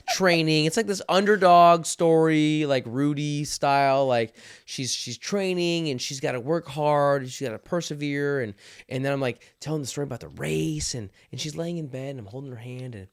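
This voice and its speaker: Casting: man in his thirties, casual podcast co-host, animated storyteller who laughs a lot. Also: fairly high pitch, normal speed, clean tone. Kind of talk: casual chat.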